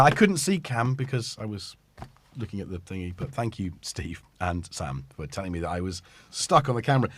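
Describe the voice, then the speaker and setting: A middle-aged British man hosting a livestream, chatting casually into a studio mic and often interrupting himself. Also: mid-range voice. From Britain. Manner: rambling, self-interrupting, chatty with the audience. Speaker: livestream host. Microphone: studio microphone.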